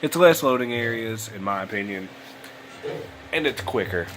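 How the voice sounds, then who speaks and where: A man's voice: on the low side, lively intonation, moderate pace, a bit bright, a little hiss or hum, rough recording. A young man giving casual, rambling gameplay commentary at home late at night, sounding tired and yawning. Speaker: let's play host. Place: home room at a computer.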